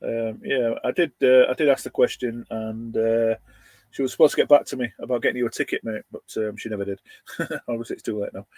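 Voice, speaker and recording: A man's voice: medium pitch, steady tone, brisk, darkish tone, dry recording. A middle-aged man hosts a casual livestream from his van, greeting viewers by name and laughing between lines. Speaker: livestream host reading viewer comments. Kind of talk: casual live chat.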